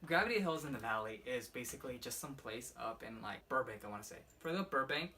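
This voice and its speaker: A man's voice: medium pitch, expressive, fast talker, sharp tone. Rambling young man telling a ghost story. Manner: rambling, profane, heavy use of "like". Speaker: vlogger. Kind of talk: casual storytime vlog. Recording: slightly distant mic with faint room noise.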